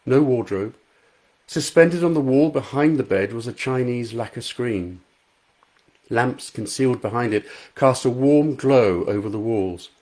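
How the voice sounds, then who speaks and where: A man's voice: mid-range voice, darkish tone. A male author reading his own novel aloud in a live stream from his front room, chatting and laughing easily between passages.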